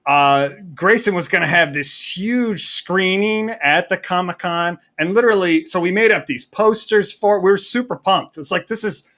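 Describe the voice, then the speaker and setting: Man, podcast guest, enthusiastic storyteller, slightly high voice. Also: a bit bright. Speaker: filmmaker guest. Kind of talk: casual podcast chat.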